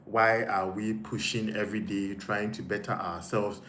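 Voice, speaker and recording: With a Ghanaian English accent, a man with a lowish, fairly bright voice hosts a casual live stream at a moderate pace and a flat delivery. He reads viewer comments and thinks aloud, repeating things often, in an echoey room with faint noise.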